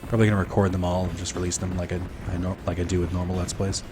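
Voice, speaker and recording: Deep-voiced and racing along, a young guy rambles to his chat while streaming a game. His tone is relaxed and heavy on fillers, with game music underneath.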